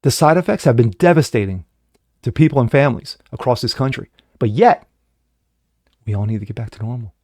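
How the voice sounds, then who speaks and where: A man's voice: mid-range voice, fairly quick, no echo. Angry man ranting in a dry room. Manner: profane ranting, swings from shouting to muttering; mocking put-on voices when quoting others. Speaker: host. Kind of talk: angry political commentary.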